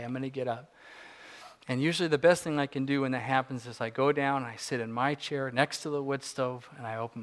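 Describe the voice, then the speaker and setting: A man in his forties preaching a sermon, earnest, moving between soft reflective passages and rising emphatic ones. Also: medium pitch. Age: 40s. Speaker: pastor.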